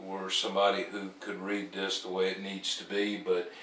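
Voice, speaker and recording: Halting man hosting talk radio, echoey. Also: low voice, monotone, sharp tone, far from the mic, slight background noise. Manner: rambling, halting, many fillers and restarts. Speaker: host of a call-in talk show. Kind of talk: casual talk-show monologue.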